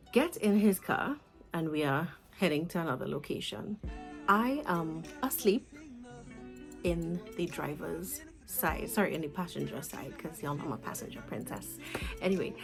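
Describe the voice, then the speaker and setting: A Trinidadian woman in her twenties telling a storytime vlog in an animated, chatty way, with asides to her viewers. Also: fairly low pitch, low-quality recording. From Trinidad and Tobago. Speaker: vlogger.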